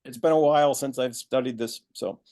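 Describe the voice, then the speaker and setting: A man's voice: mid-range voice, a little fast, warm tone. Male student remarking to his teacher. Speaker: student joining by Zoom. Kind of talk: casual classroom remark.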